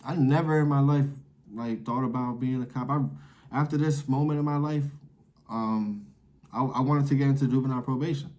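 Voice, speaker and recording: A man's voice: mid-range voice, brisk, mellow. Rambling young man telling a story. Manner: loose, rambling, heavy on fillers and swearing. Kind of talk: casual storytelling.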